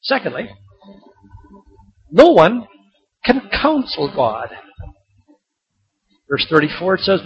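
A middle-aged man preaching a sermon, animated and rising to emphatic points. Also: high voice, takes it slowly, long pauses, husky. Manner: animated, rising to emphatic shouts on key lines. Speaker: pastor. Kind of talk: sermon with told jokes. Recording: dull lo-fi sermon recording.

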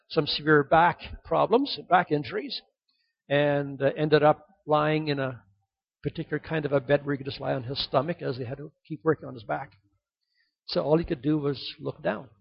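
A man preaching a sermon, asking rhetorical questions and swinging between loud emphasis and hushed, soft passages. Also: a little high, gravelly, slightly rough, highs cut off. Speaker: pastor.

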